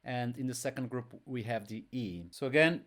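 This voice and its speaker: A man's voice: medium pitch, a bit bright. A man teaching an online language lesson, patient and repetitive, drilling each word aloud. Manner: slow, patient, repeats words for drill.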